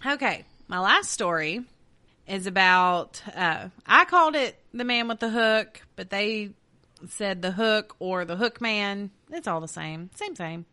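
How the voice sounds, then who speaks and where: A woman's voice: mid-range voice, animated, unhurried, bright, forceful tone, clean tone. A woman, co-hosting a casual podcast and reading urban legends aloud to her co-host. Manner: reads stories aloud, then jokes and laughs with co-host. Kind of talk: casual storytelling chat.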